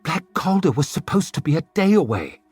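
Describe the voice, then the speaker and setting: A man's voice: a little high, big pitch swings, brisk, a little mellow, slightly rough, no echo, faint music behind, pitched above the performer's own voice, exaggerated voice. A man voicing a fierce, stern noblewoman who commands an army, speaking in clipped, hard words.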